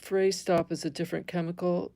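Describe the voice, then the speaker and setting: A woman's voice: lowish voice, little pitch movement, fairly quick, dark tone, dry recording. A middle-aged woman teaching embroidery on a live stream, thinking aloud as she stitches, correcting herself and chatting with viewers.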